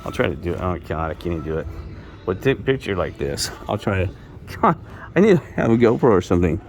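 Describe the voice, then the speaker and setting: A man's voice: sits low, big pitch swings, fast, slight background noise. A middle-aged man rambling through personal stories on his vlog, circling back and restarting his sentences with lots of fillers. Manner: meandering, repeats himself, many fillers and restarts. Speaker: vlogger.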